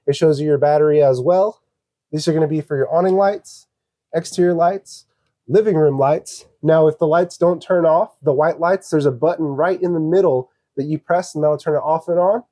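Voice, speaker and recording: A man with a slightly high but mellow voice gives a casual RV walkthrough, explaining each feature in a plain, practical way. The sound is dry and close, with little room around it. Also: no echo. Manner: steady, practical, explaining controls step by step. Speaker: RV dealership salesperson giving a walkthrough. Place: outdoors around an RV, then inside it.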